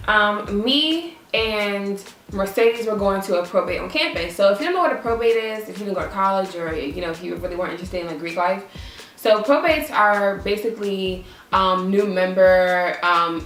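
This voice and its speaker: In an echoey room, a young woman in her twenties vlogs a laid-back storytime, lively and cursing as she goes. When she imitates what others said, her pitch shoots up.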